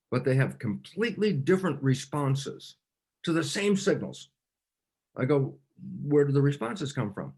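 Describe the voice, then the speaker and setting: A man explains cell biology in a lively interview. His voice is husky and sits in a middle pitch. He tells stories with energy and often trips over restarts and fillers. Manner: animated storyteller with frequent fillers and restarts.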